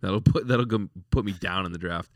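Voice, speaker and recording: A man's voice: low-pitched, a little fast, no echo, studio quality. A man of about forty, co-hosting a sports podcast in a rambling, casual way, often repeating words and laughing. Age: 40s. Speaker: podcast co-host.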